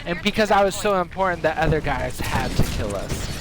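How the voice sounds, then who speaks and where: A man's voice: fairly high pitch, lively intonation, fairly quick. A man live-streaming a game, telling a playful tall tale with sound effects and chatting with viewers. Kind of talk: live-stream storytelling and chat.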